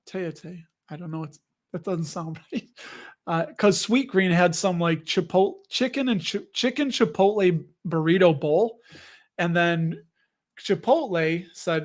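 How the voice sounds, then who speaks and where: A man with a high, light voice hosts a casual livestream. He rambles and jokes freely with his viewers. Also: expressive, unhurried. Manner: chatty, jokey, rambling. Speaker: host.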